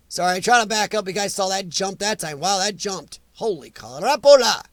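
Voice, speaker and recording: High-voiced man ranting on a stream. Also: animated, brisk, hardly any pauses, a bit bright, no room sound. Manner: opinionated, ranting, blunt. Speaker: live stream host. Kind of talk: casual live-stream chat reading comments.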